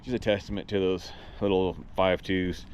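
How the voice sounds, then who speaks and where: A man's voice: deep voice, flat delivery, moderate pace, a little mellow, a little hiss or hum. A man, short of breath, chatting casually and rambling as he works on an old truck for his vlog. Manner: rambling, restarts mid-sentence, plain-spoken. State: out of breath, winded. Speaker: vlogger working on his truck. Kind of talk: casual vlog chat while working.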